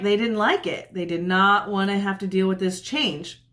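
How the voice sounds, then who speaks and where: A woman's voice: mid-range voice, normal speed, fairly bright tone. Chatty woman retelling a Bible story. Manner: chatty, uses "like" often, acts out quotes. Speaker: Bible teacher.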